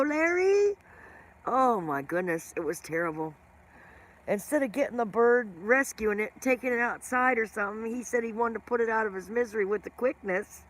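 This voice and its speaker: A middle-aged woman chatting casually with viewers on her livestream, rambling from story to story and greeting people by name. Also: mid-range voice. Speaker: livestream host.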